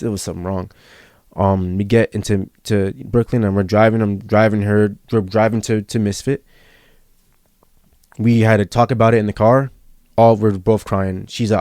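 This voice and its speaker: A man's voice: lowish voice, darkish tone, no echo, studio quality. A young man as a podcast guest, telling a personal story in casual, earnest talk, repeating himself and saying bro and yo. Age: young adult.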